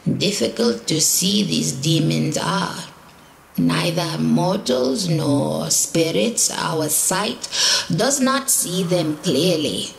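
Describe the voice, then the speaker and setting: A woman voicing a distorted, inhuman marriage spirit that speaks in slow, inverted, ominous phrases in a storybook audiobook. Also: fairly low pitch, expressive, gravelly, a little hiss or hum, exaggerated voice. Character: alien marriage spirit speaking through a shaman.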